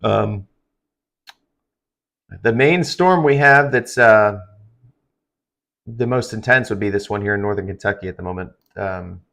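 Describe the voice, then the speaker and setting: A man's voice: lowish voice, unhurried, gravelly, long pauses, a bit bright. A tired man hosting a live stream of severe weather coverage, talking in a rambling, conversational way with lots of fillers. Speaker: livestream weather host.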